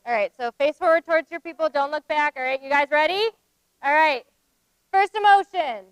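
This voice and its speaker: A woman facilitating a workshop, running a group acting game with brisk, directive instructions. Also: high voice, no echo.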